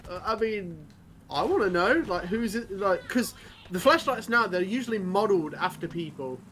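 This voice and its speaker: High-voiced man chatting with fillers. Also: expressive, moderate pace, pushed and bright, slight background noise. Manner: hesitant, laughing, filler-heavy. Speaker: co-host. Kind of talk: casual chat over co-op gameplay.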